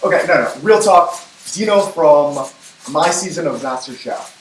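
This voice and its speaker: A man hosting a cooking livestream, talking in a chatty, upbeat way with quick asides while he cooks. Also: on the high side. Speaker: cooking show host. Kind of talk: casual cooking livestream chat. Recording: echoey room from far off, faint noise.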